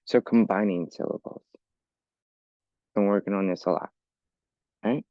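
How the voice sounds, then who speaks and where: A man's voice: on the low side, a little slow, dry recording, dull audio. A man teaching an English lesson for learners, explaining patiently step by step and often checking with "okay?". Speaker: ESL teacher.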